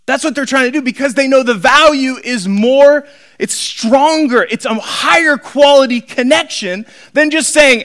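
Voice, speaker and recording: A pastor preaching a sermon, animated, acting out quoted voices and swinging between shouting and quiet asides. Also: male voice, extremely high pitch, normal speed.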